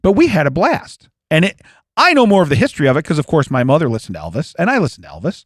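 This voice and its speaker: Animated, fast-talking man telling stories. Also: a little high, no echo, clean studio sound. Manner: animated, laughs often, acts out quotes. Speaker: podcast co-host. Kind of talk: casual storytelling chat.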